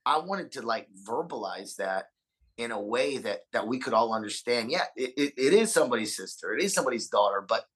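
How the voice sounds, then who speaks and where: A man's voice: mid-range voice, expressive, fairly quick, a bit bright, breathy edge, rough recording. A man speaking as a podcast guest in casual conversation, earnest, often repeating and restarting words and swearing freely. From Austin, Texas. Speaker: podcast guest, punk singer.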